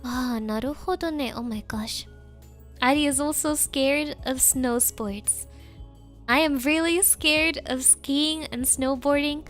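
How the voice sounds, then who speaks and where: A woman's voice: sits high, a little slow, fairly bright tone, faint music behind. A woman streamer from Germany chatting casually, rambling with lots of "like" and frequent giggles. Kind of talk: casual chat.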